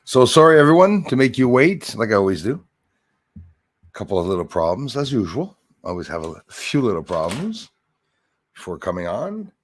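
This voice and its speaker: A man hosts a casual live stream, calling out viewers by name and rambling with jokey asides, full of fillers and restarts. His medium-pitched voice is sing-song at a normal speed, with no room sound.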